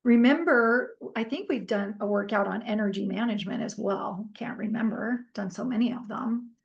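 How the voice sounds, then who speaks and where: Woman trainer, somewhat high, gravelly voice, chatty, animated storytelling. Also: normal speed, highs cut off. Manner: animated storytelling, conversational with fillers; asks the group for comments. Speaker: workshop trainer. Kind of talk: casual workshop teaching.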